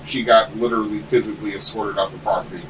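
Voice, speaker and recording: A man's voice: on the low side, quick pace. A man guesting on a podcast, telling long, rambling stories in casual, profane chat. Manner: rambling, animated storytelling with lots of swearing. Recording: distant mic with faint air-conditioner hum.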